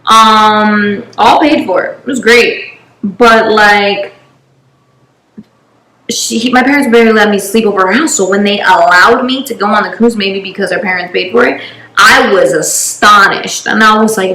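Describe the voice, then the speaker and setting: A young woman telling a story in a casual, animated way, swearing freely and acting out the people in it. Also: medium pitch, measured pace, echoey room, poor audio. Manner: animated, profane, acts out every voice in the story. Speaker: storyteller host.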